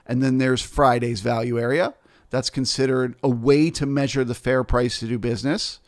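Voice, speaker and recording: A man's voice: medium pitch, fairly even intonation, moderate pace. A man teaching as a futures trader, explaining the market through rhetorical questions and frequent "right?" and "okay?" check-ins. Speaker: futures trader and trading educator.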